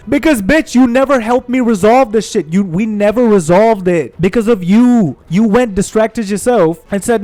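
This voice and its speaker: A young man hosting a gaming channel, ranting in a heated, profane, animated way while he plays. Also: high voice, fairly quick, hardly any pauses. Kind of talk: ranting commentary over gameplay.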